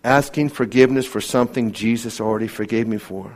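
A man preaching an evening sermon to his congregation. He pleads with fervor and swings between loud, climbing appeals and hushed, solemn lows. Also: fairly quick. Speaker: pastor.

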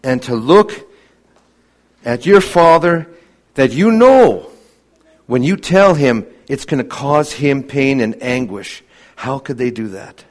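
A man preaching a sermon earnestly, asking many rhetorical questions and dropping to a hushed voice for emphasis. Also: mid-range voice, expressive, slow pace.

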